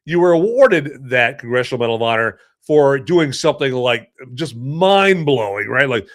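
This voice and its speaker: A man hosting a podcast in a casual monologue, telling stories in a rambling, joking and animated way. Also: mid-range voice, normal speed. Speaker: podcast host and movie reviewer.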